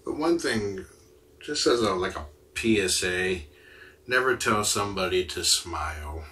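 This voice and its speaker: A man's voice: deep voice, expressive, a little slow, bright, forceful tone. A man hosting a livestream, chatting casually and answering viewer comments as they come in. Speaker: livestream host. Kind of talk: casual chat with live viewers.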